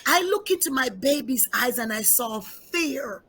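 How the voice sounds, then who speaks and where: A middle-aged woman pastor gives an emotional testimony of her life story in an interview, her gravelly, husky voice sitting high, animated, unhurried, and a bit bright over faint music. She is emphatic, repeating key lines for weight and often speaking straight to her listeners.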